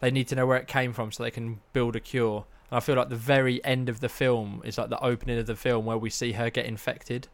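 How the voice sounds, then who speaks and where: A man's voice: mid-range voice, little pitch movement, fast, hardly any pauses. A man co-hosting a casual film chat, easygoing and rambling, with dry opinions. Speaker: podcast co-host.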